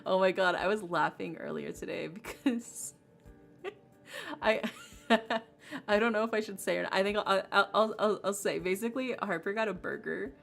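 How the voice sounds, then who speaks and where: A woman's voice: medium pitch, measured pace, vocal fry, pauses often, faint music behind. A woman streaming a game, chatting casually and rambling with lots of fillers. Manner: bubbly, rambling with many fillers. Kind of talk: casual livestream chat.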